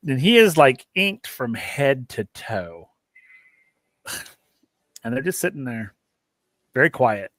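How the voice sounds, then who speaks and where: A man's voice: mid-range voice, big pitch swings, slow pace, long pauses, a bit bright, no echo. A man running a tabletop game, describing scenes with many fillers and hedges. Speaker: game master.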